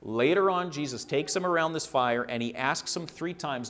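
Earnest man preaching, slightly high voice. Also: moderate pace, fairly bright tone. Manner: earnest, repeats phrases for emphasis, acts out quoted lines. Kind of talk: sermon.

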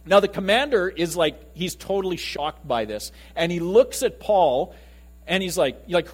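A man preaching a conversational sermon to his congregation, animated and lively in delivery. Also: sits high, measured pace. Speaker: pastor.

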